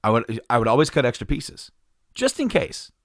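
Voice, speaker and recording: A man's voice: mid-range voice, big pitch swings, moderate pace, no echo, clean studio sound. A man telling a casual, rambling story, laughing often and swearing freely.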